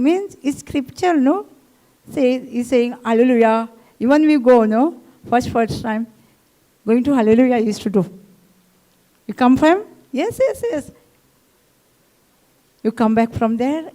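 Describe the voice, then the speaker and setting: Woman preacher telling a story at a retreat, kinda high voice, soft and mellow, lots of "no?". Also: low-quality recording. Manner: storytelling in broken English, frequent "no?" tags. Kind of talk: testimony sermon. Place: retreat hall.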